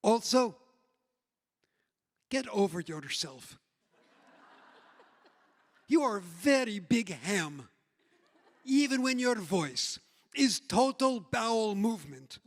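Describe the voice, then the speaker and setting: A man voicing a blunt, tough female former commando turned voice therapist, with a put-on Israeli accent, clipped broken English and deadpan scolding. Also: high-pitched, slow pace, pauses often, exaggerated voice. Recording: long reverb in a large hall.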